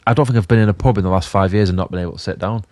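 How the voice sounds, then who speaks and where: A low-pitched man chats on a podcast in an easygoing, agreeable way. He adds his own stories in local slang. The recording is dry. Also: racing, a little mellow, no room sound. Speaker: podcast co-host. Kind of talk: casual chat. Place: indoor podcast studio.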